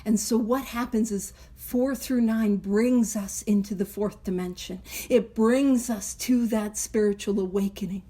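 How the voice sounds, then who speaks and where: A woman's voice: medium pitch, steady tone, a little slow, hardly any pauses, warm tone. A woman hosting a recovery book study, talking casually and animatedly, with frequent laughs and self-interrupting asides. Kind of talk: casual teaching chat.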